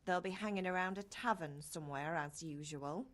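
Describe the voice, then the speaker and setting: A woman's voice: fairly low pitch, moderate pace, fairly bright tone, close to an everyday voice. An actress playing Henry's mother, a caring village woman who nags her son fondly. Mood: teasing. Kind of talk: game character dialogue.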